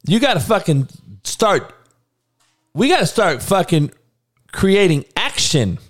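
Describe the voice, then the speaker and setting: A man's voice: high voice, big pitch swings, takes it slowly. A man hosting a show, delivering an irritated, profane, blunt ranting monologue. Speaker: show host.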